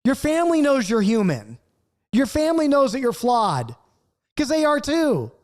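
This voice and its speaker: A man teaching a Bible study straight to camera, acting out angry outbursts and then dropping to a hushed, earnest tone. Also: very high-pitched, huge pitch swings, moderate pace. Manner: acts out quoted outbursts, swings between loud and hushed.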